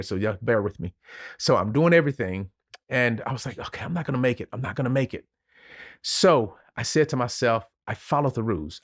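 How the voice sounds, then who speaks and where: A man's voice: medium pitch, no room sound, studio quality. A man, a retired Navy officer telling a personal story as a podcast guest in an earnest, emotional way. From Louisiana, USA. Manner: earnest, emotional, vivid retelling with pauses.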